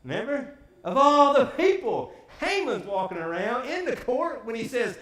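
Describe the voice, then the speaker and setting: Guy preaching a story sermon, high voice, keeps asking the crowd stuff, echoey church. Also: moderate pace. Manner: lively, quizzes the congregation. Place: church sanctuary.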